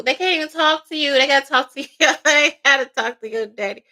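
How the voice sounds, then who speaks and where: A woman giving a casual tarot reading, loud, profane and laughing often, slipping into playful quoted voices. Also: high-pitched, fairly quick. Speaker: tarot reader.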